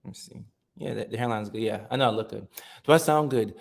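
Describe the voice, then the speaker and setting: Gravelly-voiced man hosting a livestream. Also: fairly low pitch, quick pace. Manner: relaxed, repeats himself, reads chat aloud. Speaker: livestream host. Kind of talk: casual livestream chat.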